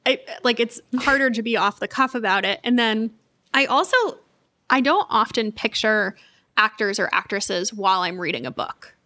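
Female podcast co-host, thoughtful and chatty, restarts a lot; bright tone, slightly high. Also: normal speed. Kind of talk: casual book chat.

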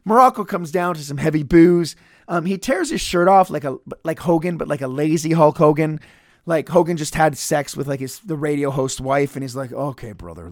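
A man with a fairly high, gravelly voice rambles through a solo podcast review, swearing freely and cracking sarcastic asides. The sound is dry and close, with no room around him. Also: dry recording. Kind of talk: casual solo commentary.

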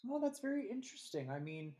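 A podcast co-host in casual movie review chat, animated and acting out scenes from the film. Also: medium pitch, fast. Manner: animated, acts out scenes in quoted voices.

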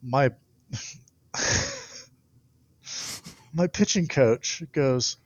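A young man, a baseball pitcher, telling stories in a casual interview and laughing often. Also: lively intonation, drawn-out words, pauses often, no room sound, dull audio.

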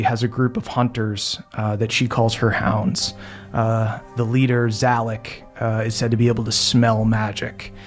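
Young male game master, casual narration with fillers, over soft music. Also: mid-range voice.

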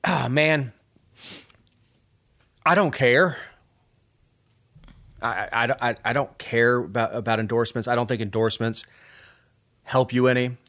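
A man's voice: mid-range voice, a little slow, long pauses, a bit bright. Sarcastic rambling male co-host. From Georgia, US. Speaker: talk show co-host. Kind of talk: casual political chat.

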